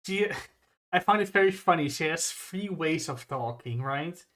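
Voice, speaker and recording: A co-host recapping an anime plot in a casual stream discussion, with drawn-out phrasing. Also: mid-range voice, expressive, a bit bright.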